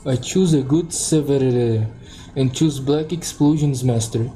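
A woman's voice: rumbling low, measured pace, dark tone, soft background music, poor audio. A woman streamer rambling through casual commentary, giggling and cracking crude jokes.

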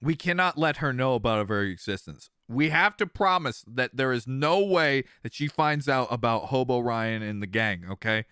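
A man's voice: medium pitch, normal speed, hardly any pauses, clean tone, no room sound, studio quality. A man in his thirties hosting a casual let's-play, joking with viewers and laughing often. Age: 30s. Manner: animated, jokey, laughs often. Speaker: streamer, let's-play host. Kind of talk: casual game commentary, chatting with viewers.

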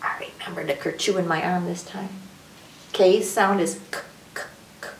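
A woman's voice: on the low side, fairly even intonation, normal speed, gravelly. A woman hosting a children's story time, teaching alphabet rhymes and drawing out each letter's sound. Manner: sing-song, stretches out letter sounds. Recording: echoey room, picked up from a distance.

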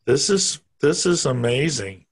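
A man's voice: mid-range voice, expressive, a little slow, breathy edge. A man hosting a show, reacting with enthusiasm in casual conversation. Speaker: show host.

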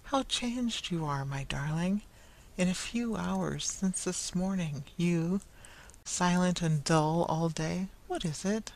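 Older father, gentle and anxious, soft faltering lines, read by the narrator. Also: mid-range voice, slow pace, poor audio. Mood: worried.

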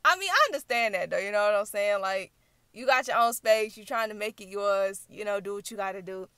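A young woman hosting a reaction channel, recapping a video in animated, chatty storytelling. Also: mid-range voice, a little fast, clear, resonant tone, no room sound. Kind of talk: casual recap vlog.

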